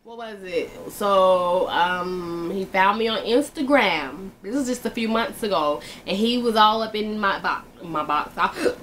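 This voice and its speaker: A woman's voice: mid-range voice, lively intonation, unhurried, a bit bright, a little hiss or hum. Chatty woman telling a story, offhand. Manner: chatty, loose and offhand, trails off and backtracks to recall details. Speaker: vlogger telling a personal story. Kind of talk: casual storytime chat.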